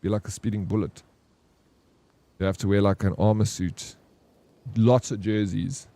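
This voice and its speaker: A young man, chatting casually and excitably with his stream viewers, rambling between topics. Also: fairly low pitch, normal speed. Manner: rambling, excitable, says bro a lot. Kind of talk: casual chat with live chat.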